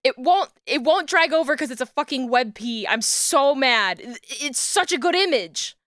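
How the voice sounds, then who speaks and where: A young woman streaming from a small room at home, talking into a desk mic. Her voice is bright and a little high, and the sound is close and dry. She rambles in a chatty way and breaks into excited yelling. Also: normal speed, no room sound. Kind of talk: casual livestream chat while crafting.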